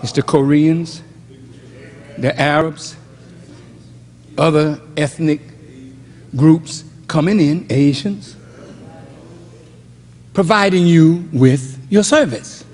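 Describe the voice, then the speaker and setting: An older man preaching a fiery sermon as a minister, rising to shouts and then dropping low. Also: slow, long pauses, long reverb tail. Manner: preaching with shouted peaks and sudden drops. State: fired up.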